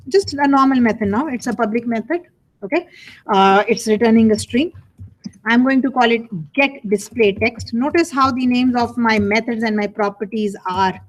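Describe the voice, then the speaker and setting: A woman teaching a college programming class in a live lecture, talking casually, repeating herself and asking the class rhetorical questions. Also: on the high side. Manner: conversational, repeats phrases, asks rhetorical questions.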